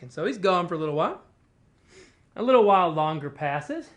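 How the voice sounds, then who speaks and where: A storyteller from a tribal language department tells a traditional tale loosely and conversationally, acting out what the animals say. The mid-range voice swings widely in pitch, runs a little fast, and leaves long pauses, with plenty of "kinda" and "you know."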